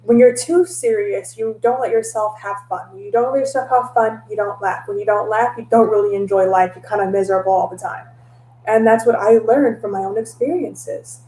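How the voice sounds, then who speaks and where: A woman telling stories in a casual vlog, animated and laughing often, slipping into voices for her own past lines. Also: medium pitch, brisk, roomy sound, low-quality recording. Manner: laughs often, mixes in mild cursing. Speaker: tarot reader and vlogger.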